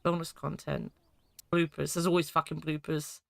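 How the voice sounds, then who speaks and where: A woman streaming an adventure game, chatting casually, joking and swearing now and then, with a hoarse morning voice. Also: low voice, little pitch movement, normal speed, no room sound. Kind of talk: casual gameplay commentary.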